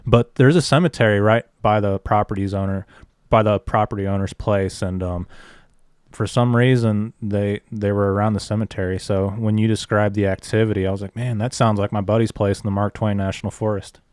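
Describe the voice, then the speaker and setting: A man hosting an interview podcast, telling his own field stories in a steady, even way. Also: on the low side, a little fast, clean tone, dry recording, studio quality. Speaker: podcast host. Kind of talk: casual interview chat.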